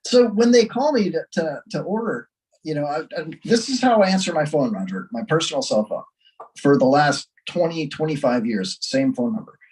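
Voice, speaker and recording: A man's voice: a little high, lively intonation, normal speed, a little mellow, distant mic, rough recording. A man co-hosting a casual talk show, telling prank-call stories and laughing as he acts them out. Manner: laughs through stories, acts out phone calls. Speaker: podcast co-host.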